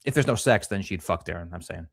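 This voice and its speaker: A man's voice: deep voice, animated, quick pace, vocal fry, a bit bright, no echo. A man co-hosting a casual livestream, reading chat comments aloud and joking crudely. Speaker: podcast co-host.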